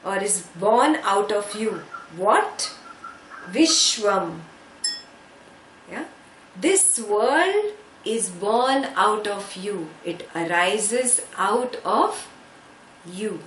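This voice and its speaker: A spiritual teacher leads a scripture class, slowly and patiently explaining Sanskrit words and checking understanding with a frequent "yeah?". Her medium-pitched voice is fairly bright, with lively intonation. The room is echoey, with faint background noise.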